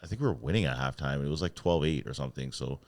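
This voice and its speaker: Deep-voiced, swearing podcast co-host. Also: male voice, racing. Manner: swears freely, animated storyteller. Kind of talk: casual sports chat.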